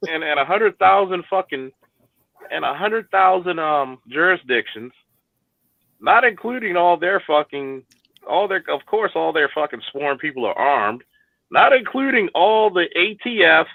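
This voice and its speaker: A man's voice: fairly high pitch, animated, a little slow, gravelly, no room sound, phone-quality sound. A man hosting a casual chat, swearing freely, laughing and restarting his sentences. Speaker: host.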